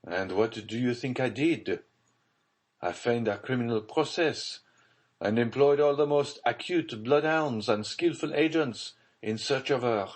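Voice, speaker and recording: Audiobook figure: brooding nobleman, hushed, slow and grave, read by a man. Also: medium pitch, pitched above the performer's own voice, lightly acted. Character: haunted scheming nobleman, secretive and grave.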